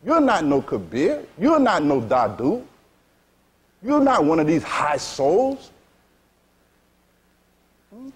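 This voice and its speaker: A man's voice: a little high, wildly swooping pitch, takes it slowly, long pauses. A man teaching a sermon to a seated audience, speaking frankly in vernacular phrasing and repeatedly asking "you see?". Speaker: spiritual teacher.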